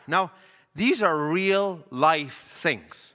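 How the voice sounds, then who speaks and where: High, bright-voiced preacher in a reverberant hall. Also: male voice, animated, moderate pace. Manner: earnest, with rhythmic repetition and emphatic rises. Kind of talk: sermon. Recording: long reverb of a church hall.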